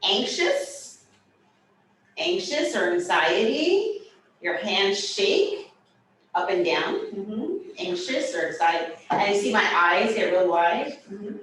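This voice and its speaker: Teaching a hybrid class, a woman with a mid-range voice slowly demonstrates signs, her explanations animated and sprinkled with jokes. The classroom sound is echoey and faintly noisy, recorded well away from the microphone.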